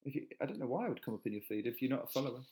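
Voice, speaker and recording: A man's voice: medium pitch, sing-song, very fast, mellow, poor audio. A man chatting casually on a live stream, reading viewer comments aloud and joking back. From England.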